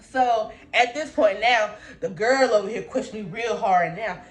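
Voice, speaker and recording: A young woman vlogger telling a personal story in a casual, slangy, animated way, laughing often as she talks. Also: medium pitch, unhurried.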